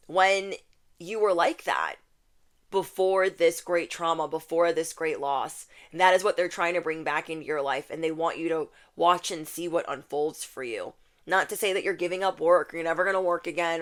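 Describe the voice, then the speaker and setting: A woman's voice: fairly low pitch, moderate pace. A woman giving a casual spiritual tarot reading to camera, chatty and repeating her key phrases. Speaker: tarot reader.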